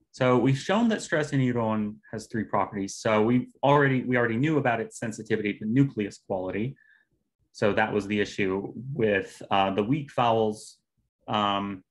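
A man giving an academic talk on phonology, explaining stress patterns with measured pacing and occasional fillers. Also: fairly low pitch. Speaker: linguistics presenter.

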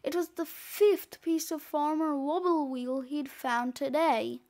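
A woman's voice: sits high, steady tone, slow, a little mellow. A woman reading a children's story aloud in a storytelling manner. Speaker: reader.

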